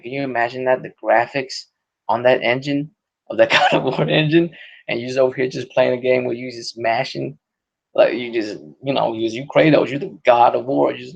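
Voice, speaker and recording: A man hosting a podcast, with a gravelly, creaky voice at a middle pitch. He rambles in casual, profane chat, often restarting his sentences. The audio is dull and lo-fi. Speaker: podcast host.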